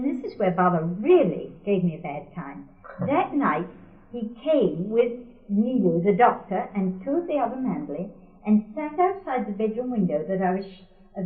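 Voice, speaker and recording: An older woman recounting a personal memory for an oral history, wry and often laughing as she quotes others. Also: medium pitch. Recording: tinny, echoey archival tape.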